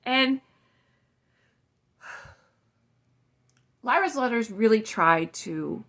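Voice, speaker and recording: A woman's voice: fairly high pitch, lively intonation, very slow, a bit bright. A woman in her forties delivering a heated political rant to camera, blunt and profane. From Canada. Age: 40s. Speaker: vlogger.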